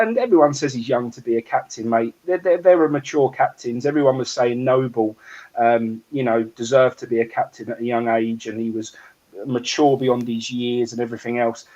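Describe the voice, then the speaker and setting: A man's voice: mid-range voice, darkish tone, highs cut off. A man giving blunt, emphatic criticism in a post-match fan discussion. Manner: blunt, emphatic, cutting verdicts. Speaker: fan channel co-host.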